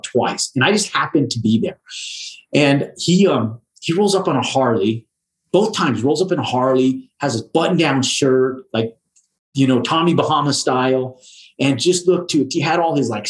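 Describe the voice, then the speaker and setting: A middle-aged man, a home builder, is speaking as a podcast guest. His voice sits at an ordinary middle pitch, and he tells his stories in a loose, slangy way. He swears freely and restarts his sentences often. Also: rough recording. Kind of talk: casual storytelling.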